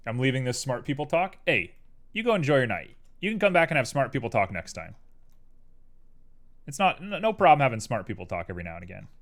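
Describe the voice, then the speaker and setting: Rambling young man streaming, keyboard clicks. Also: mid-range voice. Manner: rambling, tangential, animated. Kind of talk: casual live-stream chat while 3D modeling. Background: keyboard clicks and typing.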